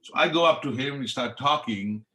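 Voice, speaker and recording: A middle-aged Indian chef, a guest on a podcast, reflects on his story in an earnest, passionate way. His Indian-accented voice sits at medium pitch and moves at a normal pace, sounding pushed and bright.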